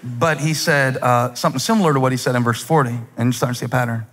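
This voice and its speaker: A male pastor preaching an impassioned sermon with humor, at times breaking into shouts. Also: medium pitch, steady tone, fast talker, slight background noise. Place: large church auditorium. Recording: long hall reverb.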